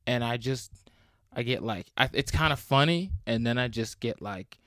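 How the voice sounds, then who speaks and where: A man's voice: medium pitch, normal speed, a bit bright, dry recording, studio quality. A young man hosting a solo podcast, talking in a rambling, crude and jokey way. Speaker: podcast host. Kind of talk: solo casual chat.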